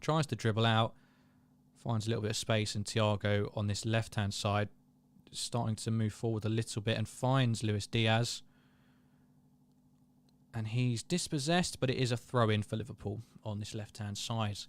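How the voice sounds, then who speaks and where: A man's voice: lowish voice, steady tone, normal speed. Chatty man streaming a match. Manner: chatty, self-deprecating, reads out viewer comments. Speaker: host of a live match watchalong. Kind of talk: casual live-stream chat and match commentary.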